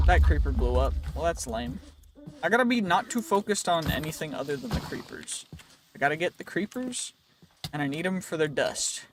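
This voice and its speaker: A man casually commenting on his own gameplay, chatty and playful, thinking out loud, with a voice that is wearing out. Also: on the high side, big pitch swings, normal speed, noisy background. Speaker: gaming channel host.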